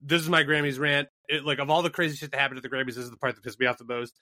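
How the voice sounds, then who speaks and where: Male podcast co-host, sharp and bright, worked-up and foul-mouthed, recorded dry. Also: mid-range voice, racing, no echo. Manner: profane, heated, animated. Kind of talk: casual podcast rant.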